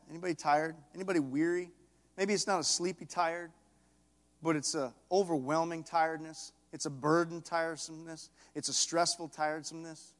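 A man preaching a sermon in a church, swinging from soft conversational asides to loud impassioned calls. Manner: building to loud impassioned calls, then dropping low. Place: church sanctuary. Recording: echoey church hall.

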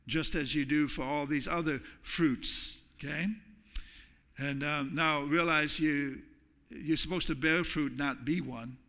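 A man preaching in a church sanctuary, his voice very bright, forceful and a little high. He talks in a conversational way, often repeating words as he restarts a thought. A long reverb from the large hall trails after every phrase. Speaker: pastor. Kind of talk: sermon.

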